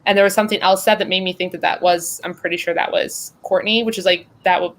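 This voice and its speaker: A woman's voice: fairly low pitch, fairly even intonation, fast talker, a little hiss or hum. Chatty woman hosting a livestream panel. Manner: chatty, rambling with many fillers. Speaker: host. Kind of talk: casual livestream panel chat.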